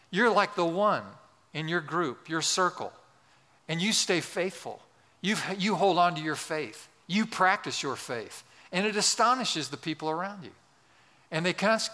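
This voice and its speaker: A man's voice: high voice, pushed and bright. A man in his sixties, a pastor delivering an emphatic sermon in a large church, repeating key phrases and asking the congregation questions. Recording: long reverb of a large hall.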